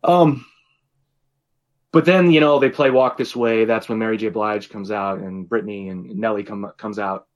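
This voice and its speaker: A man's voice: fairly low pitch, fairly even intonation, moderate pace. A man co-hosting a podcast in casual chat, telling a story animatedly with frequent swearing and laughter. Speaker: podcast co-host.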